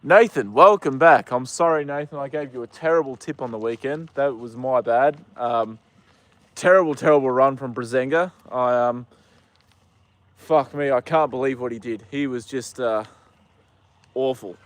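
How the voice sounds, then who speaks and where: A man's voice: medium pitch, moderate pace, no room sound. Aussie guy rambling on a live stream outside, lots of ums, dry close mic. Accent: Australian. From Australia. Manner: relaxed, rambling, many ums and uhs. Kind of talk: casual live-stream chat. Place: outdoors with a horse.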